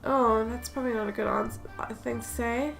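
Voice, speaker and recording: A woman playing a visual novel and reading every character aloud in a playful, animated way, giggling now and then. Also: on the high side, brisk, gravelly, faint music behind. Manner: animated, giggly, switches between character voices. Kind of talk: playful let's-play reading of all characters.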